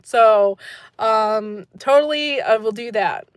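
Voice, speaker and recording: A woman's voice: fairly high pitch, slow, clear, resonant tone, no echo. A woman hosting a gardening channel, chatting casually on a live stream and answering viewer comments, rambling and laughing often.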